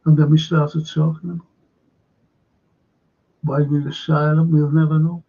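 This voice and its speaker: A man rambles through a story for his live-stream audience, pausing and doubling back on his words. His voice is dark and husky with a gravelly rasp and sits fairly high for a man. The sound is dull and lo-fi, like basic stream audio. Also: level tone. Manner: halting, meandering, repeats words for emphasis. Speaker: host of a live-streamed current affairs show. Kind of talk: casual rambling storytelling to viewers.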